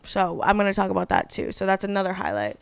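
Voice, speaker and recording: Gushing young woman, smooth dry voice. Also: medium pitch, big pitch swings, fast, no room sound. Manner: chatty and gushing, heavy on fillers, swears casually. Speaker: podcast host. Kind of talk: casual solo podcast chat.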